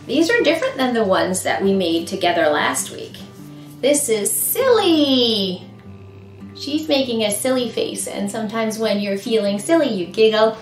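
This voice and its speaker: A woman as a children's librarian, singing and talking to toddlers in an animated, sing-song way with exaggerated expressions. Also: medium pitch. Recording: roomy sound with guitar music.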